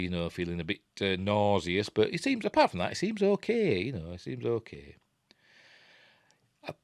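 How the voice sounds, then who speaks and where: Deep-voiced Yorkshire man chatting about a film. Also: no room sound, studio quality. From Yorkshire, England. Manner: rambling, chatty, many fillers. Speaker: film reviewer. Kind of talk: casual film breakdown commentary.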